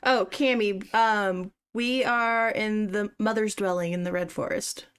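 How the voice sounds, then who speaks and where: A woman co-hosting a casual chat about a horror game, relaxed, laughing along and reading out chat. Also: medium pitch, measured pace, clear, resonant tone. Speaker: co-host.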